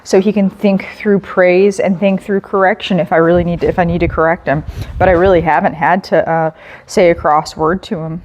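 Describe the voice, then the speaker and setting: A woman dog trainer explaining a training session while giving calm, patient commands and soft praise to a dog. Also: on the low side, fairly quick, dull audio, slight background noise.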